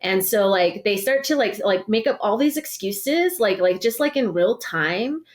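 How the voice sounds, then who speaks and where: A woman's voice: medium pitch, measured pace. Woman organizer telling her story, full of "like"s. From Navajo Nation. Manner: heavy use of "like" and restarts, animated storytelling. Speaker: organizer, podcast guest. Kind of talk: casual spoken recounting of an experience.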